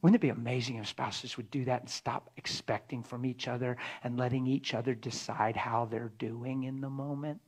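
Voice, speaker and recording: A pastor giving a conversational sermon, earnest and full of rhetorical questions, acting out little dialogues. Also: male voice, medium pitch, little pitch movement, moderate pace, hardly any pauses. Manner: earnest, acts out dialogue between spouses.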